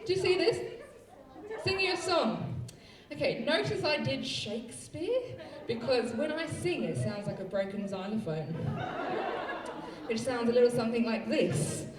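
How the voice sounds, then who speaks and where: Woman MC, high and lively, playful patter over a loud crowd in an echoey venue. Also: measured pace. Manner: playful, teasing, laughs often. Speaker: burlesque show MC. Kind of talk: live stage hosting. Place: large indoor venue. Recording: distant mic in an echoey hall with crowd.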